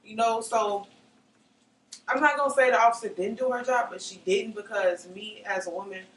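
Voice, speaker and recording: In an emotional personal testimony, a young woman interviewee often reenacts what others said, her voice at medium pitch and fairly bright. The recording sounds roomy, with a slightly distant mic and a little faint noise.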